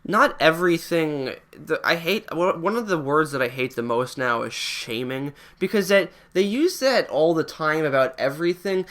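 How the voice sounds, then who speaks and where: A man's voice: on the high side, expressive, normal speed, few pauses, a bit bright. A young man co-hosting a podcast, joking and arguing his point in casual banter. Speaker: podcast co-host.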